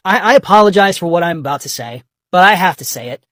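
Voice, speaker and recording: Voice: mid-range voice, animated, fast, a bit bright, no echo. Commentator, scornful and mocking, swears freely; dry, close recording. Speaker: political commentator. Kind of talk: political commentary monologue.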